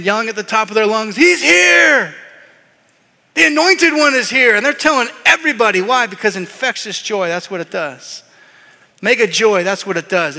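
A man preaching a sermon as pastor, telling the story in a lively way and acting out voices. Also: sits high, in a large hall. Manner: animated storytelling, acts out voices.

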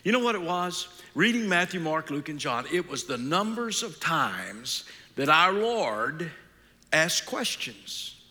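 A man's voice: high voice, big pitch swings, a little slow, sharp tone. A middle-aged man preaching as a guest speaker in a church, folksy and joking, putting questions to his listeners. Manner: folksy, joking asides, asks the audience questions. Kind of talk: sermon. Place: large church sanctuary. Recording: long hall reverb.

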